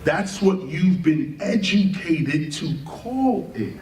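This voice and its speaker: A man's voice: on the high side, expressive, takes it slowly, noisy background. A man giving a spoken lecture, emphatic, firing off rhetorical questions and spelling words out letter by letter. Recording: roomy, distant mic, faint background ambience.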